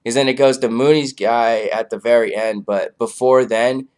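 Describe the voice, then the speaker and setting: A man's voice: medium pitch, fairly even intonation, normal speed, a little mellow, clear, resonant tone. A man casually reviewing a comedy show, rambling loosely with lots of fillers. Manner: loose, filler-heavy, laid-back.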